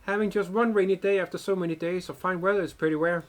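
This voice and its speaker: A man's voice: high voice, steady tone, fast talker, pitched above the performer's own voice, natural voice. A terse, reserved young woman, read by a man. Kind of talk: reading game dialogue aloud.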